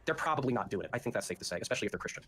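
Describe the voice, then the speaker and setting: A combative man argues in an online debate, talking very fast. He is profane and sarcastic, and steady noise sits behind his voice. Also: on the low side. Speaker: debate participant. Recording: noisy background.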